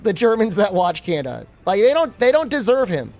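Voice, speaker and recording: A man's voice: sits high, very animated, normal speed, a little mellow, faint music behind. A man streaming a game, rambling and joking with his chat in a casual way. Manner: rambling, joking, talks to chat while playing.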